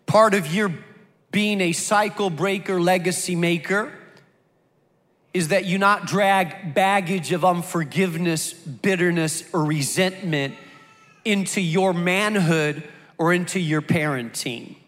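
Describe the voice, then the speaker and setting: A man's voice: sits high, unhurried, fairly bright tone, long reverb tail. A man preaching a sermon to a congregation, driving his points home with emphatic repetition. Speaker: pastor.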